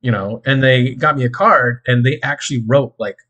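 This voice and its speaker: A laid-back man chatting casually as a co-host, speaking softly and often trailing off. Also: medium pitch, moderate pace. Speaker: podcast co-host. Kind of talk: casual chat.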